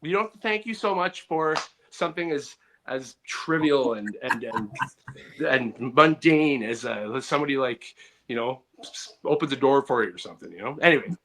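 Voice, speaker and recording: A man's voice: medium pitch, moderate pace, bright, forceful tone, a little hiss or hum. A man co-hosting a comedy podcast, rambling through stories in casual chat and mimicking the people in them. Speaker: podcast co-host.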